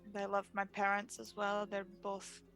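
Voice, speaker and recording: A woman playing an earnest young adventurer in a tabletop game, talking haltingly with frequent pauses and fillers while attempting an accent. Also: mid-range voice, completely flat delivery, fairly bright tone, soft background music, close to an everyday voice. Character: earnest young adventurer in their twenties, eldest sibling.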